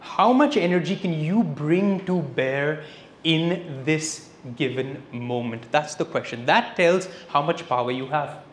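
Lively man lecturing. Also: a little high, a little slow. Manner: lively storyteller, switching between English and Hindi phrases. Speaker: spiritual lecturer. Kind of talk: public spiritual lecture. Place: lecture hall, indoors. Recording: echoey hall with faint noise.

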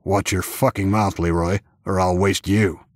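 A gray-haired militia leader in an audiobook, gruff and commanding, as a male narrator puts him on. The voice sits low and a little husky. It is recorded dry and close. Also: brisk, dry recording. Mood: snapping. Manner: gruff, authoritative.

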